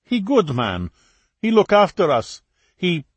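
An earnest, naive mother who runs a small shop pleads in broken English, as a male narrator puts her on. The voice is lifted well above the reader's own low register, with a dry, close sound. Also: big pitch swings, unhurried, slightly rough, no room sound. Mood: pleading.

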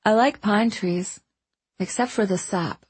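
A woman's voice: mid-range voice, measured pace, slightly rough. A woman narrator voicing a curious, unsure young boy who speaks hesitantly.

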